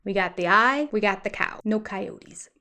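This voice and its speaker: An older woman hosting a casual commentary on a TV show, expressive and teasing, with sarcastic asides. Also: mid-range voice, a little slow, slight background noise. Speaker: host.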